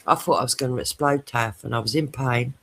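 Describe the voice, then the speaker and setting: A woman's voice: very deep voice, fairly quick, vocal fry, fairly bright tone, slight background noise. A British woman hosting a casual podcast chat, telling a crude story with lots of swearing and laughter.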